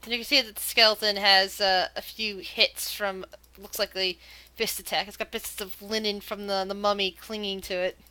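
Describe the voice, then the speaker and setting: A woman's voice: mid-range voice, little pitch movement, moderate pace, sharp tone, clean tone. A woman running a tabletop game as game master, narrating scenes and often restarting her sentences.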